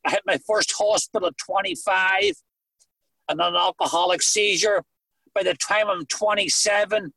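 Northern Irish man, high husky voice. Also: bright, forceful tone, no room sound, low-quality recording. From Northern Ireland. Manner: earnest storytelling with dry humor. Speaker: recovery meeting speaker. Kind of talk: personal testimony on a video call. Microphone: video call.

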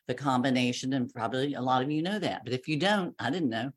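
A woman's voice: rumbling low, fast, hardly any pauses. A woman tells her own story to a group. She speaks candidly and pokes fun at herself, slipping into the voices of the people she talks about. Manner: candid, self-mocking, acts out voices of others. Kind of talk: personal testimony talk.

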